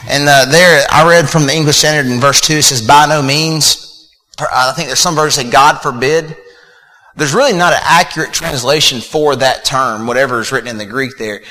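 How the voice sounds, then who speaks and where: A man's voice: medium pitch, brisk, few pauses, sharp tone. A man preaching a sermon in a casual, conversational way, with fillers and repeated words. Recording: long reverb of a hall.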